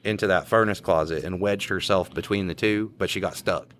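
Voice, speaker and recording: A man with a drawl, a police officer co-hosting a podcast, telling a work story in a relaxed, slangy way. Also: low voice, a little fast. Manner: laid-back drawl, chuckling, slangy. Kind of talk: casual storytelling chat.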